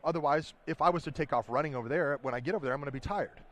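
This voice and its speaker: A man's voice: on the high side, rapid-fire, a bit bright. A man, a game designer, explaining his tabletop game at a convention floor interview, talking eagerly and rambling with restarts. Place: busy convention hall.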